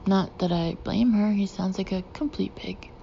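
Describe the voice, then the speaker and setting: Woman, first-person audiobook narration, expressive with breathy asides, mellow tone, dull lo-fi sound. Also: mid-range voice, moderate pace, a little hiss or hum.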